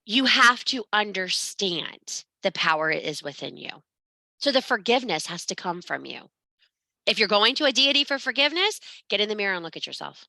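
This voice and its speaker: A woman's voice: medium pitch, big pitch swings, moderate pace, gravelly, bright, forceful tone, no room sound. A woman giving an informal spiritual talk in a blunt, emphatic and profane way. She speaks as a parent. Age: adult parent.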